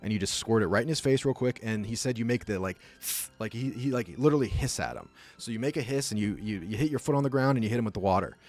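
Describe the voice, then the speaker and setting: Low-voiced man chatting casually. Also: expressive, rapid-fire, hardly any pauses, a little mellow. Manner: rambling, casual storytelling with many fillers. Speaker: podcast host. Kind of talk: casual chat.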